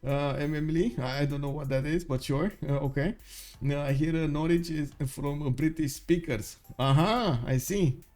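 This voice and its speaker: A man's voice: on the high side, normal speed, darkish tone, faint music behind. A man giving live esports commentary on a stream, talking casually with lots of "uh" fillers and asides to viewers. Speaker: stream caster for a strategy game tournament.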